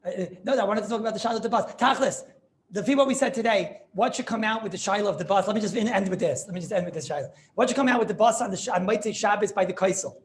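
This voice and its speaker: A man, a rabbi, giving an informal class in a chatty, animated way, often checking whether his students understand. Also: sits high, quick pace.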